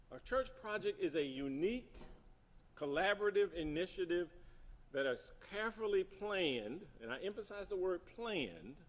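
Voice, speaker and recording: A middle-aged man giving an emphatic teaching talk at a seminary gathering, repeating key points and asking the audience questions. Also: fairly high pitch. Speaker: speaker at a seminary symposium. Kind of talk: teaching talk on church projects.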